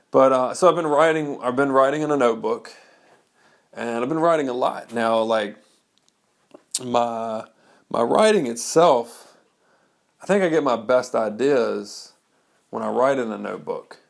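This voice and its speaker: Rambling gravelly man in his thirties. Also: medium pitch. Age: 30s. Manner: rambling, many fillers and restarts. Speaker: blogger. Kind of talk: casual personal monologue.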